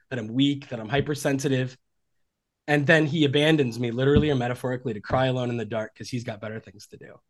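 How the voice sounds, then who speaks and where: A man's voice: medium pitch, fairly bright tone. A man in his forties, a relationship coach talking earnestly and reflectively on a podcast. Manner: earnest and reflective, acting out quoted dialogue. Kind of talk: conversational podcast interview.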